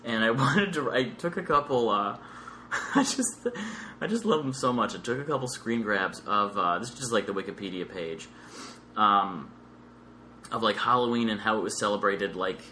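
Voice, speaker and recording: A man's voice: lowish voice, expressive, normal speed, bright, forceful tone, slight background noise. A man on a podcast clip, chatting animatedly and reading bits aloud with laughing disbelief. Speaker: podcast guest.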